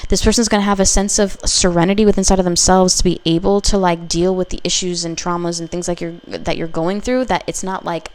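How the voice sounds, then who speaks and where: Lively, swearing young woman reading tarot. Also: on the low side. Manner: swears freely, laughs often, animated asides. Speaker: tarot reader.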